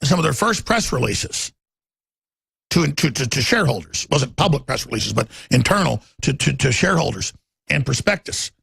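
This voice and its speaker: A man hosting a talk radio show, ranting with passion and swinging between loud outbursts and low muttering. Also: creaky, slightly rough, dry recording.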